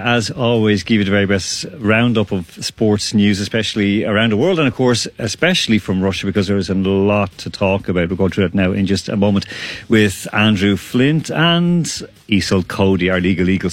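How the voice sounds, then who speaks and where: A man's voice: lowish voice, no room sound. A man hosting a radio sports roundup from a studio, chatty and rambling with lots of fillers. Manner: chatty, rambling, self-deprecating with many fillers. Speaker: radio sports show host.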